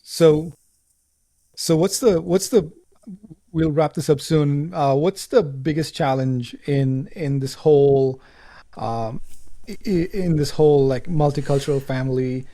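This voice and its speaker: A man hosts a casual podcast interview, circling through his questions with false starts. His voice is mellow and warm, sitting slightly high. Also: measured pace. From India. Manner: rambling, restarting questions. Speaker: podcast host.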